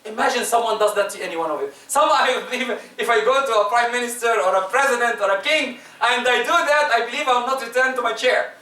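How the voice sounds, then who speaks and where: A man delivers a Friday sermon in a strikingly high, bright voice, pushing hard on key words and then dropping low and soft. He sounds like he is in a reverberant prayer hall, picked up from some distance by the mic. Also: quick pace, hardly any pauses. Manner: emphatic, swinging between loud rises and soft drops. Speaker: preacher. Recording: echoey room, distant mic.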